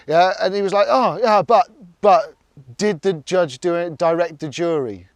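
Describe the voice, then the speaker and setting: A man's voice: high voice, moderate pace, dry recording, clean studio sound. A young man, ranting in casual talk, emotional and swearing, with many "yeah?" tags. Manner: emotional, swearing, repeats "yeah?" and "you know what I mean?". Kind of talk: angry casual rant.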